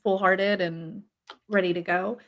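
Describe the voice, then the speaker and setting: A woman's voice: medium pitch, fairly even intonation, unhurried, fairly bright tone. A woman hosting a casual chat, asking follow-up questions in an encouraging way. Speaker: podcast host. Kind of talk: casual conversation.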